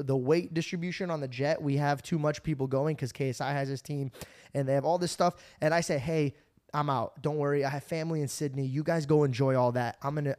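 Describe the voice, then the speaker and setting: A man's voice: a little high, a little mellow. A young man hosting a podcast, telling a rambling story with restarts and laughs, tired from no sleep. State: running on no sleep. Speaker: podcast host. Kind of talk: casual storytelling chat.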